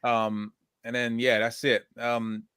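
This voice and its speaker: A man hosting a casual chat with an ordinary, mid-pitched voice. He rambles and hesitates, stumbling and restarting his sentences. The recording is dry and close to the mic. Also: little pitch movement, slow, pushed and bright, smooth, dry recording. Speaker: podcast host.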